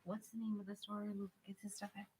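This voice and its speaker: A woman calls out short, quiet questions from somewhere off to the side, well away from the microphone. Her voice sits at an ordinary pitch, with a faint hiss underneath. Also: little pitch movement, quick pace. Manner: quiet interjections from across the room. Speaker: host's partner, off-mic. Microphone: far from the mic.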